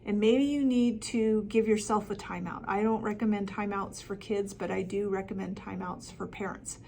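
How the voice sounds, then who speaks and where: A woman's voice: medium pitch, steady tone, moderate pace, creaky, mellow, a little hiss or hum. A middle-aged woman coaching parents with practical advice, talking plainly with frequent ums and restarts. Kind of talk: talking-head advice video.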